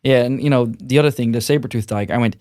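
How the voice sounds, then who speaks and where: A man's voice: mid-range voice, rapid-fire, dark tone, dry recording, studio quality. A man talking as a podcast guest, in a loose, rambling way with frequent restarts and repeated words. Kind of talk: casual interview conversation.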